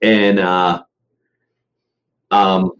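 A man's voice: low voice, level tone, drawn-out words, fairly bright tone. A man hosting a live online session in casual chat, loose and rambling with lots of fillers. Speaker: live show host. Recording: slightly muffled, faintly noisy call audio.

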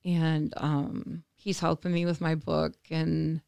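Gravelly low-voiced woman telling a story. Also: slow, no echo. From United States. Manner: animated, acts out quoted voices, laughs between phrases. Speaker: interview guest. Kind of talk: conversational storytelling.

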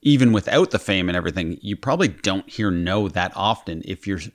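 A man's voice: low-pitched, brisk, no echo, studio quality. A man co-hosting a podcast, talking in casual, wry joking banter. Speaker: podcast co-host. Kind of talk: casual chat.

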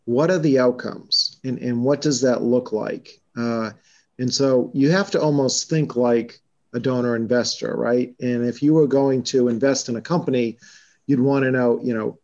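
Boston-accented man, measured fundraising talk. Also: medium pitch, a little mellow, highs cut off. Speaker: college fundraising vice president. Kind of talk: podcast conversation.

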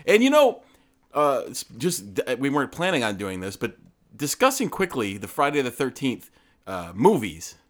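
A man's voice: mid-range voice, big pitch swings, normal speed. A man co-hosting a casual podcast, rambling through asides and restarts and teasing his co-host.

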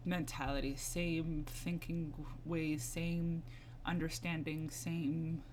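A young woman in a casual interview, speaking in a fairly low voice and reflecting with plenty of fillers. A soft hum of room noise sits behind her. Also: slow. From United States. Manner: reflective, many fillers, animated when stressing points. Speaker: guest.

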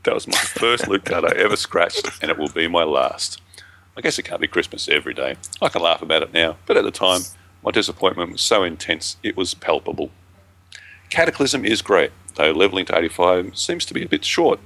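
A man's voice: sits low, expressive, a little fast, pushed and bright, dry recording. A man co-hosting a casual gaming podcast, talking with dry, self-mocking humor. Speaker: podcast co-host. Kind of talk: casual chat.

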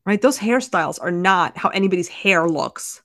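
A woman's voice: on the low side, expressive, moderate pace, a bit bright, no room sound. Woman cohost gushing about a book, chatty and emphatic, dry close sound. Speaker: podcast co-host. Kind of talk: casual chat about a book.

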